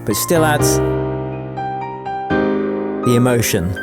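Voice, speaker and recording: A man's voice: mid-range voice, animated, takes it slowly. A man teaching melody writing in a step-by-step tutorial, in an upbeat, chatty, explanatory way. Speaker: music production tutor. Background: faint piano and synth music.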